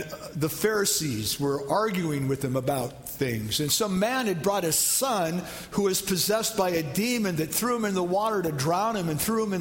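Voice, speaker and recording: Pastor, male, high voice, chatty sermon style, long hall reverb. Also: fairly bright tone. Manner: conversational, asks the congregation questions.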